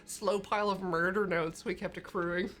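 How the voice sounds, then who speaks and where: A woman's voice: lowish voice, fairly even intonation, moderate pace, a bit bright, soft background music. A woman co-hosting a stream in casual chat, reading subscriber thanks and laughing often. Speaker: stream co-host.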